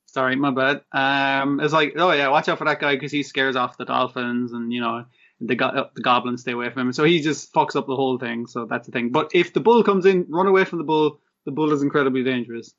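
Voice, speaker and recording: A man co-hosting a casual recap chat, talking loosely, swearing and retelling scenes with quick voiced asides. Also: mid-range voice, steady tone, fairly bright tone, muffled recording. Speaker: podcast co-host.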